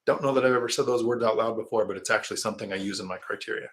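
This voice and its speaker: Middle-aged male live-stream host, deeper voice, casual and rambling, reads viewer comments out loud. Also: steady tone, very fast. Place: quiet indoor spot.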